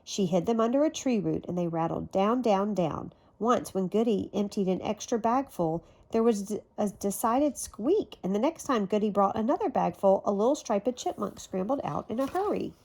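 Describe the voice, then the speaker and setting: A woman reading a children's story aloud in a gentle, even storytelling manner. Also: mid-range voice, moderate pace, gravelly, hardly any pauses. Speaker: storybook reader.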